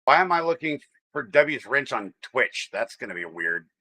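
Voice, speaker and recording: A man's voice: medium pitch, big pitch swings, moderate pace, pushed and bright. An American man hosting a casual livestream, chatting in a rambling way and greeting viewers by name. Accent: General American. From United States. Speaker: livestream host.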